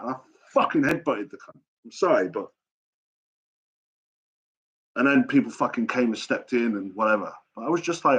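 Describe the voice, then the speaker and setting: A man's voice: medium pitch, animated, normal speed, slightly rough. A man hosting a live chat stream, talking casually in a blunt, sweary and rambling way. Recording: dull lo-fi stream audio.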